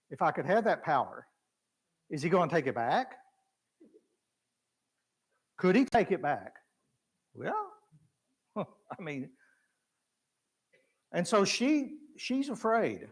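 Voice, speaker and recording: A man's voice: high voice, breathy edge. A man preaching in a church, teaching conversationally and acting out the voices of people in the story. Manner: acts out biblical voices with lively shifts, chuckles. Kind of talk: conversational Bible class teaching.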